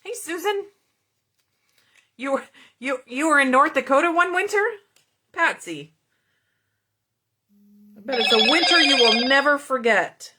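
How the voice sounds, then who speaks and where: A woman's voice: high-pitched, animated, unhurried, pauses often, pushed and bright, slight background noise. A middle-aged woman hosting a card-making tutorial, chatting casually with viewers and greeting commenters by name as she works. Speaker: card-making video host.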